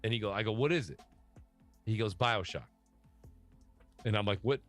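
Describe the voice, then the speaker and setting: A man chatting casually about video games, animated and slangy, telling stories with lots of asides. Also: on the low side, normal speed, faint music behind. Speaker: podcast guest. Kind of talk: casual gaming chat.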